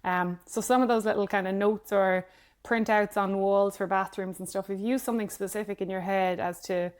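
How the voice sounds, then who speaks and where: A woman's voice: mid-range voice, steady tone, a little fast, clean tone. A woman co-hosting a podcast, giving practical advice in casual chat. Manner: practical, explains in detail. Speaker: podcast co-host.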